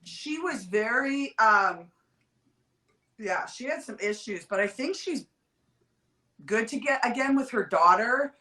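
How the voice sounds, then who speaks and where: A woman telling stories in a casual, profane, animated way, as a guest on a livestream call. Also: a little high, reverberant, rough recording. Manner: profane, animated, quick storytelling. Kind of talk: casual storytelling chat. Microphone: livestream video call.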